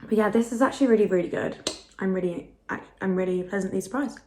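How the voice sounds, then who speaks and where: A woman's voice: medium pitch, fast, mellow. A young woman in her twenties casually chatting to camera in a food vlog, self-deprecating and full of fillers. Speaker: food vlogger. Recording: echoey home room.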